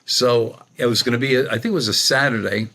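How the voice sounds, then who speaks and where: Middle aged guy rambling thru a story on a podcast, acts out who said what, normal pitch. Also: quick pace, fairly bright tone. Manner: rambling, colloquial, acts out quoted dialogue. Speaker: guest, psychic medium. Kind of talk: conversational storytelling.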